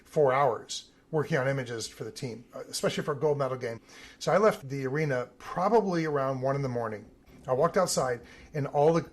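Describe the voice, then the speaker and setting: Husky man telling anecdotes. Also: mid-range voice. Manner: animated anecdotal telling with some vivid emphasis. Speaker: Olympic team photographer. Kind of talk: interview storytelling.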